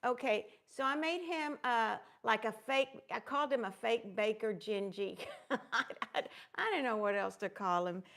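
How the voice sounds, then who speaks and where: A woman's voice: on the high side, normal speed, creaky, a bit bright. A woman hosting a casual crafting livestream, gushing as she greets viewers by name and rambling along with plenty of fillers. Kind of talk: casual live-stream chat.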